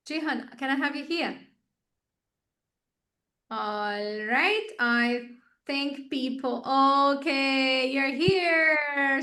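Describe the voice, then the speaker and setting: A woman's voice: high-pitched, sharp tone. A woman tutor hosting an online video call, encouraging and affectionate with her students. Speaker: course tutor hosting an online congratulations meeting.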